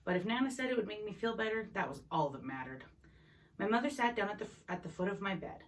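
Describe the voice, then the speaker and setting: A woman's voice: mid-range voice, expressive, fast talker. A woman reading a novel chapter aloud in an unpolished way, with small slips and restarts. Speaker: reader. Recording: voice a bit distant from the mic.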